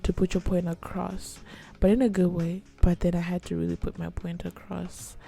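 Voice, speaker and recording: Soft-spoken young woman with a gravelly, mellow voice. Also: on the low side, little pitch movement, normal speed. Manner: chatty, soft-spoken, full of "like". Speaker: vlogger. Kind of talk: casual ASMR storytelling.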